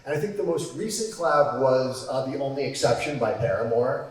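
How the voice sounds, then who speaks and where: A man's voice: medium pitch, fairly quick. A man on a panel speaks hesitantly, leaning on many fillers. His voice reaches the mic from a distance and is washed in heavy echo, with the long reverb of a large hall. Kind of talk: convention panel talk. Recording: very echoey hall from far off.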